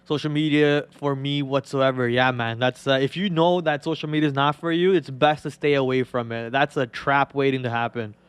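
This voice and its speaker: A man hosting a live stock trading show, talking in an excitable, rambling way with many restarts. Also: mid-range voice, brisk, hardly any pauses, clear, resonant tone, no room sound.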